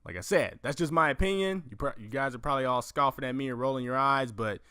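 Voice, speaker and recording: A man hosting a casual movie news podcast, profane and animated, acting out lines from films as he tells them. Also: medium pitch, quick pace, no echo, clean studio sound. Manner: profane, animated storytelling with acted-out quotes. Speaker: podcast host.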